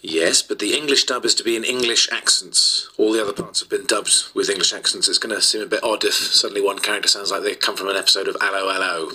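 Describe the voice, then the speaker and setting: A man's voice: lowish voice, steady tone, fast, hardly any pauses, pushed and bright, slightly rough, heavily acted. A man playing a dubbing studio engineer whose patience is wearing thin. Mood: businesslike. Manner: increasingly strained, patient then snapping. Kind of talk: sketch comedy acting.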